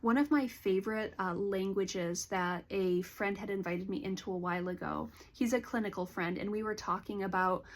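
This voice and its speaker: A woman counselor giving a calm, earnest educational talk to camera, explaining things gently. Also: medium pitch, moderate pace, hardly any pauses. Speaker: licensed counselor.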